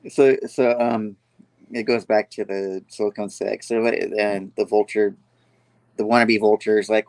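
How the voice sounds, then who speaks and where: A man's voice: lowish voice, fairly even intonation, unhurried, long pauses, darkish tone, no echo. A man hosting a casual comic book review, rambling with many fillers and frequent laughter. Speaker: host of a comic review show.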